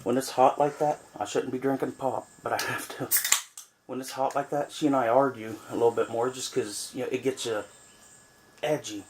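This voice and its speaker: A man's voice: medium pitch, steady tone, moderate pace, noisy background. Rambling man chatting to camera. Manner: rambling, chatty, many fillers. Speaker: vlogger on a cabin trip. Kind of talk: casual chat to camera. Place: small cabin in the woods.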